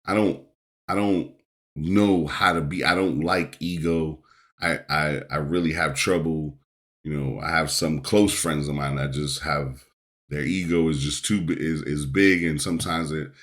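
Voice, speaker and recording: Podcast host, male, middle-aged, very low voice, emphatic coaching monologue full of repetitions. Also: measured pace, fairly bright tone.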